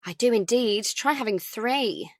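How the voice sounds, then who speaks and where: Pushy gossipy mum, effusive and lilting, a bit higher than plain, dry close sound, voiced by a woman narrator. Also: expressive, measured pace, dry recording. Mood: airy. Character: pushy, gossipy posh mother of three. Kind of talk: audiobook character voice.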